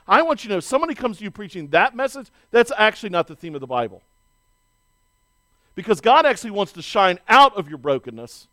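A man in his forties with a fairly high voice delivers a sermon in an animated, conversational way and keeps slipping into casual asides. The sound is dry and close, with almost no room echo. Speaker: pastor.

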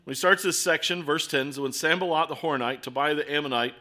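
Bright-voiced preaching man. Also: on the high side, quick pace. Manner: preaching with rhetorical questions, shifting between quiet and emphatic. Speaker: pastor. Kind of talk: sermon.

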